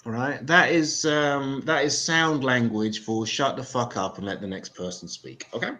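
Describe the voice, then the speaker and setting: A man's voice: mid-range voice, moderate pace, noisy background. An English man hosting an open mic comedy show, with profane, self-mocking stand-up banter. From England.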